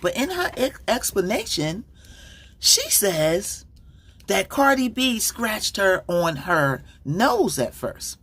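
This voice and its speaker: Husky-voiced rambling woman streamer. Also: mid-range voice, very animated, takes it slowly, fairly bright tone. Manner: rambling, distracted, heavy fillers. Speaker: livestream commentator. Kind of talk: casual livestream commentary.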